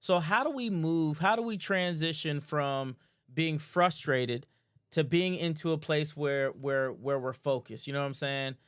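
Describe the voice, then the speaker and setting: A man's voice: on the high side, measured pace, clear, resonant tone, dry recording, studio quality. A man hosting a live online show, talking in a casual, hyped-up way, repeating phrases, restarting often and tagging lines with "man.". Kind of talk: casual hyped-up livestream talk.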